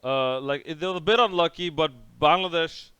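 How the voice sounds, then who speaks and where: A man's voice: on the high side, brisk, sharp tone, smooth, dry recording. A young man casually recapping a cricket match over by over, rambling and sarcastic, with many restarts. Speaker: cricket reviewer.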